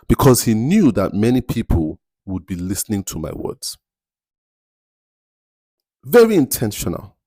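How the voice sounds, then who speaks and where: A man with a Nigerian accent hosting a faith-based motivational podcast, speaking slowly and deliberately and repeating words for emphasis. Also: on the low side, darkish tone, dry recording, clean studio sound. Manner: slow, deliberate, picks words carefully with emphatic repetition. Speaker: podcast host.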